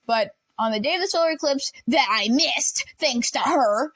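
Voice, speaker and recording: Young woman, high voice, animated storytime vlogger, dry close recording. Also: normal speed, no echo. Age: young adult. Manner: animated, acts out classmates and teachers. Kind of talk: casual storytime. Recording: dry close room, faint lamp buzz.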